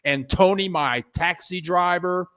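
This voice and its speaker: A man hosting a casual livestream, rambling in a halting, repetitive way, thanking viewers and restarting his sentences as he chats from his computer at home. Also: high-pitched, fairly bright tone, clean tone. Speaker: livestream host reading viewer donations.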